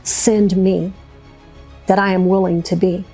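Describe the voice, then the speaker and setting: A woman speaks straight to camera with a gravelly, fry-tinged voice at a middling pitch. She recounts her story in a deliberate way, turning sarcastic and indignant, then earnest and faith-filled. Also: little pitch movement, dark tone, soft background music. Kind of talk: personal testimony to camera.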